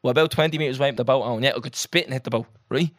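A man's voice: mid-range voice, very fast, no echo. Young irish guy rattling through a story, swears a lot, dry close sound. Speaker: podcast co-host. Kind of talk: casual chat.

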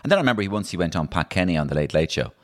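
Middle-aged Irish male impressionist, low voice, animated and chatty interview guest. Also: racing. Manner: animated, storytelling, many restarts. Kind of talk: casual interview chat.

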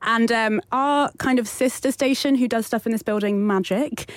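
A woman's voice: fairly high pitch, normal speed, dry recording, clean studio sound. A woman hosting a podcast, telling chatty anecdotes in a casual group conversation. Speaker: radio podcast host. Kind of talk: casual chat.

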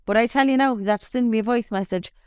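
Irish woman, young, animated storyteller, smooth clear voice, dry close sound. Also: fairly high pitch, racing, no room sound. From Ireland. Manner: animated storytelling, swears freely. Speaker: podcast co-host. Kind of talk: casual chat.

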